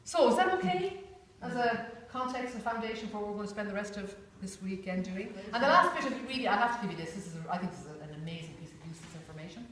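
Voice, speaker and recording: Her voice is mid-range and a bit bright, moving fast with lively intonation and few pauses. As workshop facilitator she keeps things informal and chatty, saying "you know" often and acting out small voices for a group in a large echoey room. Captured by a distant room mic, the audio is echoey with faint hiss.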